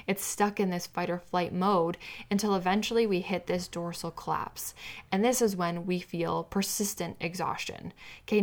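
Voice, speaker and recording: With a voice on the low side, a woman runs her own podcast as a weight-loss coach. She teaches in an earnest way, now and then acting out a client's inner voice.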